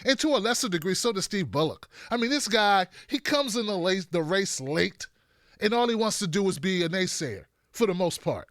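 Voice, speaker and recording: Male political show host, high bright voice, sarcastic and animated, dry sound. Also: normal speed, no echo. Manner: animated, mocking, does impressions of politicians. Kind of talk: opinionated political commentary.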